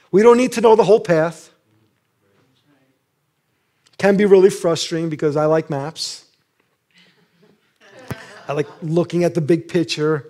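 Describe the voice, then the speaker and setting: A man's voice: fairly high pitch, warm tone. A middle-aged male preacher giving a casual sermon, acting out scenes and laughing often.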